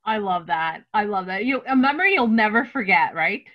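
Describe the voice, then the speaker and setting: A woman's voice: medium pitch, expressive, a little fast, dull audio. A woman hosting an online panel in an enthusiastic way, laughing often. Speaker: host.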